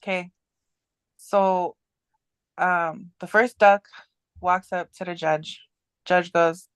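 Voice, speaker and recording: A woman's voice: lowish voice, steady tone, takes it slowly, long pauses, smooth, dry recording. Chatty young-sounding woman telling stories. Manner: rambling storyteller, many restarts and fillers. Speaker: podcast guest. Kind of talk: casual chat.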